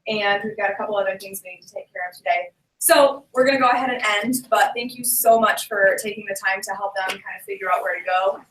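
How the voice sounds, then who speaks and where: A woman teacher briskly wrapping up a class session and thanking a guest. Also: medium pitch, a bit bright, far from the mic, slight background noise. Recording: echoey classroom, off-mic.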